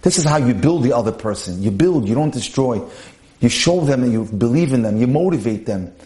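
A man's voice: medium pitch, animated, brisk, dark tone. A man giving an earnest podcast lecture on marriage, reading a personal story aloud and speaking straight to his listeners. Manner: earnest, preachy, addresses listeners directly.

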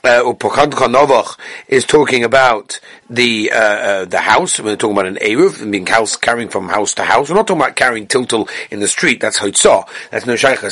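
A man's voice: medium pitch, a bit bright. A man teaching a daily Talmud class, explaining the text with frequent restarts.

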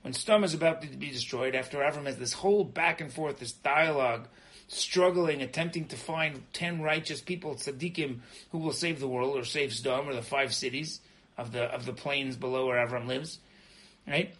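A middle-aged man teaching an informal Torah lesson as a rabbi. He is animated, repeats words as he starts sentences and keeps asking "right?". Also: fairly high pitch, low-quality recording. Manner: animated, frequently asks "right?".

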